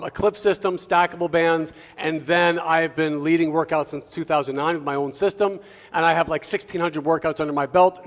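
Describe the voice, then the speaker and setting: A man co-hosting a casual health chat as a fitness trainer, talking loudly and forcefully and cracking jokes. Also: fairly high pitch. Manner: loud, forceful, joking. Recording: long reverb in a hall-like room.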